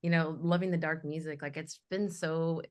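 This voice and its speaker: A young woman with a notably low speaking voice talks passionately on a casual panel. She tells her stories with animation and lets her feelings show. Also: fairly even intonation, normal speed. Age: young adult. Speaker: guest, metal vocalist.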